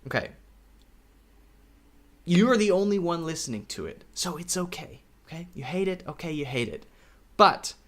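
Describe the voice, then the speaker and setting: A man teaching English in a recorded video lesson, speaking slowly and repeating key words, often checking in with "okay?". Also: mid-range voice, fairly bright tone. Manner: slow, repetitive, checks in with "okay?".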